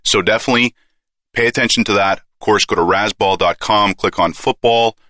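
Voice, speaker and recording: A man's voice: fairly low pitch, brisk, pushed and bright, no room sound, studio quality. A man with a Canadian accent hosting a casual fantasy sports podcast, joking and ribbing his guest. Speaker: podcast host.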